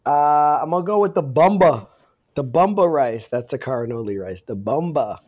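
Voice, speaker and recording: A man, a chef guest on a podcast, talking in a relaxed, casual way, often repeating himself while he thinks. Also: fairly high pitch, normal speed, lo-fi sound. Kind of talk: casual interview chat.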